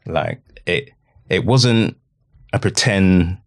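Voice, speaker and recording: A middle-aged man telling a personal story in an earnest, halting way, often repeating himself. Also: fairly low pitch. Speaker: podcast guest.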